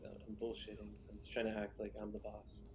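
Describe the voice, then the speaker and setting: A player thinking out loud at the table, hesitant and full of fillers. His voice is low and flat, and music plays behind him. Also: a little fast.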